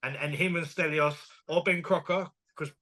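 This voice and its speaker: Upbeat man, slightly high voice. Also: moderate pace. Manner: animated, enthusiastic, laughs often, retells dialogue. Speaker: boxing promoter, guest. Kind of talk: casual interview chat.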